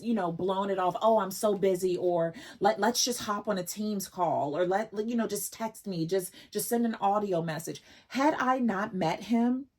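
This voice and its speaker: A woman with a lowish, husky voice chats straight to her viewers in a casual vlog. She sounds emotional and effusive and keeps circling back over her own words. She is in her forties. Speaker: vlogger.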